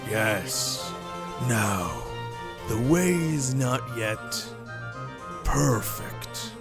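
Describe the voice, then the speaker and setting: A man voicing a calm, ponderous stone-skinned earth genasi who speaks slowly and calls himself by name. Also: mid-range voice, vocal fry, full character voice. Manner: slow, measured, speaks of himself in third person. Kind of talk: reading game dialogue aloud on a live stream. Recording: music playing under the voice.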